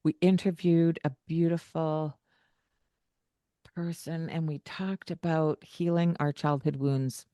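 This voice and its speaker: A woman co-hosting a parenting podcast, her voice sitting a little low. She talks in an animated, playful way, slipping into singsong greetings as she acts out talking to children. The sound is dry and close. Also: slow pace, dry recording. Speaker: podcast co-host. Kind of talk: casual parenting advice chat.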